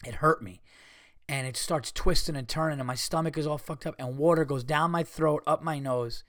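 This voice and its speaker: A man hosting a podcast, telling a story in a casual, animated way, swearing freely and acting out what people said. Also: a little high, normal speed, dry recording, clean studio sound. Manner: animated, profane, retells scenes with quoted voices. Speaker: podcast host.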